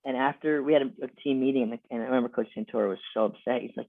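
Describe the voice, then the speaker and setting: A man's voice: medium pitch, fast, creaky, no echo. Young man, ex-wrestler, casual storytelling, filler-heavy, dry and tinny sound. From Lehigh Valley, Pennsylvania. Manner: loose, repeats words, many "like" and "you know". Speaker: guest, former college wrestler. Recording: dry, tinny phone-like audio.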